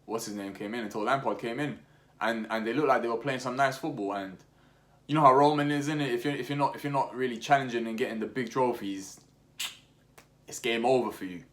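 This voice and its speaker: A young man, chatting loosely and opinionatedly in a mid-range voice. He piles on slang and restarts his sentences a lot, and his delivery gets animated. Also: medium pitch, fairly quick. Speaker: football podcast host. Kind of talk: casual opinionated chat.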